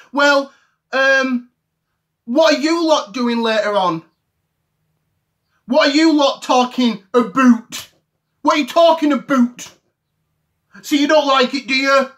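A man's voice: very high voice, a bit bright. A man playing an outraged English football fanboy. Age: 30s. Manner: indignant, repetitive ranting. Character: ranting English football fan, man in mid-thirties, easily offended. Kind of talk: comedy sketch rant to camera.

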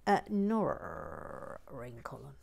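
A woman with a very deep, gravelly, darkish voice speaks slowly yet very animatedly as she builds toys. The host narrates casually, making wry, playful remarks and frequently dropping into whispered asides.

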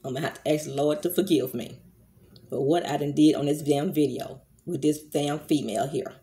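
Low-voiced middle-aged woman ranting angrily. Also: brisk, mellow. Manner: heated, profane, scolding, addresses viewers as y'all. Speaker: vlogger. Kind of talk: angry commentary rant to camera.

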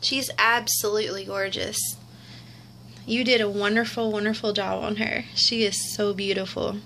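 A woman's voice: mid-range voice, steady tone, moderate pace, sharp tone, slight background noise. A young woman, cooing and gushing over an unboxing in casual commentary. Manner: gushing and cooing, repeats exclamations. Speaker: vlogger unboxing a doll.

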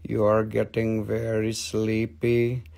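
Man doing a droning stage hypnotist, slow, low and hushed, soothing. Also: monotone, gravelly. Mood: hypnotic.

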